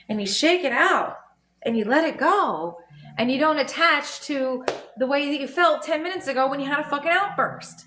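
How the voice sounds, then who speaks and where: A woman's voice: high voice, expressive, moderate pace, sharp tone, a little hiss or hum. A woman acting as a spiritual teacher on a home livestream, speaking frankly and swearing freely, often checking in with "okay?". She talks into a phone mic. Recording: echoey room with faint music.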